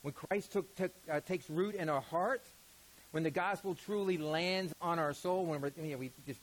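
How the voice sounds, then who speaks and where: Casual, higher-voiced male pastor preaching. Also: normal speed, poor audio. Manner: casual, conversational preaching with asides. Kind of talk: sermon.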